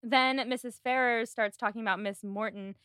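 A woman's voice: fairly high pitch, fairly even intonation, normal speed, pushed and bright, smooth, no room sound, studio quality. A woman hosting a podcast, chatting casually as she retells film scenes with lots of "like". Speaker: podcast host. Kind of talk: casual chat recapping a film.

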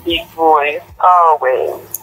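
A woman's voice: low-pitched, extremely slow, poor audio. A middle-aged woman calling in as the host's mother, telling rambling family stories. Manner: rambling, animated storyteller. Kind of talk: storytelling on a call-in.

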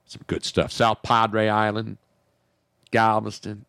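A man's voice: lowish voice, flat delivery, takes it slowly, creaky, a bit bright, smooth, no echo, studio quality. A man hosting a talk radio show, bantering in a brash, joking way with crude asides.

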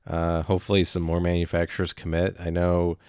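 Deep, gravelly man chatting casually. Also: completely flat delivery, a little mellow, no room sound, studio quality. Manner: rambling, halting, full of fillers. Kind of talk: casual chat.

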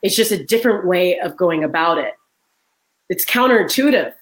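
A woman in her forties, a guest author in a conversational interview, telling animated stories and acting out what people said. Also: fairly low pitch, moderate pace, poor audio. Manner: animated storytelling, acts out quoted voices. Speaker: guest author and leadership trainer.

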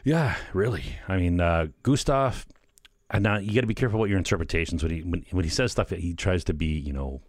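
Middle-aged man, deep voice, dry close sound, loose wry chat about a book, keeps checking "right?". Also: quick pace, no echo. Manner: rambling, fillers, keeps asking "right?"; chuckles often, wry. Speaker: solo commentator. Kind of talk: casual rambling book commentary.

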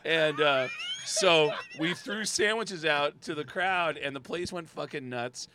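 A man telling a long story in casual podcast chat, acting out quoted people and breaking into loud shouts. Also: a little high, a little slow, a little hiss or hum. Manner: animated, acts out quotes with loud shouting bursts.

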